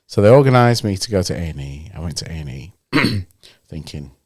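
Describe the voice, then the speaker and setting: A man with a low, brisk voice and a breathy edge co-hosts a podcast, telling an animated story in a casual chat. He acts out the people he quotes, and the recording is dry and studio quality.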